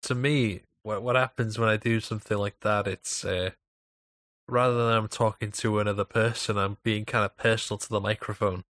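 A man's voice: fairly low pitch, fairly even intonation, normal speed, a bit bright, no echo, studio quality. A Welsh man hosting a podcast in casual banter, playful and teasing, on a professional mic. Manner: playful, teasing, sets up bits. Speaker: podcast host. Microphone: professional microphone.

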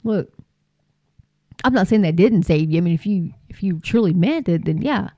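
A woman's voice: lowish voice, expressive, moderate pace, warm tone, dry recording, clean studio sound. A woman preaching informally and earnestly to her viewers, folksy and repeating phrases for emphasis. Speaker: Christian YouTube preacher.

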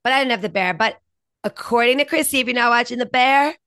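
A woman's voice: on the high side, fast, fairly bright tone, no echo, studio quality. A woman co-hosting a podcast, chatting casually and enthusiastically about TV shows and laughing often. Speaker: podcast co-host.

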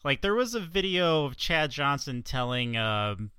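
Slow-talking, laid-back man with a clear voice. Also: medium pitch, sing-song, bright, forceful tone, no echo. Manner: laid-back, laughs often, meandering. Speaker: podcast co-host. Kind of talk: casual sports podcast chat.

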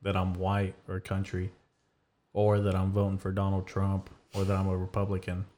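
A man with a fairly low voice hosts a podcast in loose, casual conversation. His humor is dry and deadpan, and he delivers jokes flatly. He speaks at an easygoing pace. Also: moderate pace. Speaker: podcast host. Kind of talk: casual chat.

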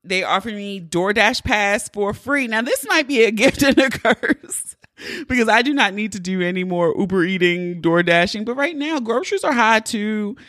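A woman's voice: medium pitch, lively intonation, normal speed, fairly bright tone, no echo, clean studio sound. A young adult woman hosting her podcast in casual, playful chat, laughing easily. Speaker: podcast host.

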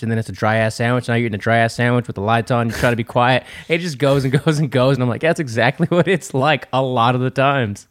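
A man's voice: mid-range voice, quick pace, few pauses, no echo, studio quality. A man co-hosting a casual podcast, talking in a laid-back, rambling way and laughing often. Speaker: podcast co-host.

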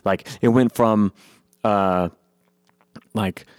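A man with a fairly low voice draws out his words in a dry, studio-quality recording. He plays in a punk band and delivers a casual, profane, animated monologue, mocking people by imitating them in quoted voices.

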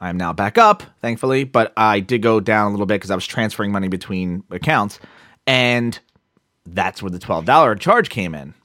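A man co-hosting a podcast, telling a story in a casual, animated way and swearing now and then. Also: fairly low pitch, normal speed, no echo, studio quality. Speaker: podcast co-host.

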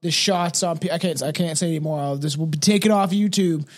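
A man's voice: fairly high pitch, steady tone, fast. A man hosting a casual podcast, rambling with many fillers and reading from notes. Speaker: podcast host.

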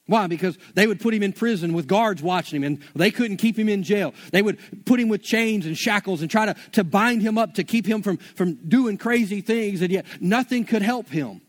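A man's voice: sits high, normal speed, few pauses. A man preaching a sermon in a casual, conversational way, mixing slang into his teaching.

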